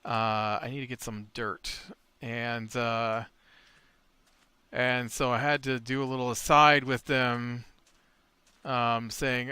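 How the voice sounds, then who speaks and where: A man hosts a casual Minecraft let's play, rambling through a retold tabletop session as he builds, full of fillers and restarts, blending game commentary with storytelling. His medium-pitched voice is slow, bright and forceful, clean in tone with fairly even intonation and no echo.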